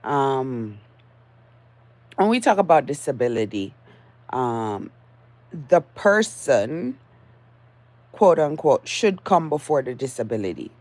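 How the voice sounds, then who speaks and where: Low, slow woman with a groggy morning voice. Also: big pitch swings, darkish tone, dry recording. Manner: halting, with many fillers and restarts, then firm and insistent. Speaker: vlogger. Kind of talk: casual solo vlog talk.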